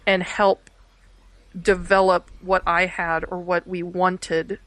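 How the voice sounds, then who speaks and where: A woman's voice: on the low side, level tone, takes it slowly, a bit bright, dry recording. A young woman, chatting casually and rambling through many fillers and restarts. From Texas. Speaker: podcast guest, art education student. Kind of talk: casual chat.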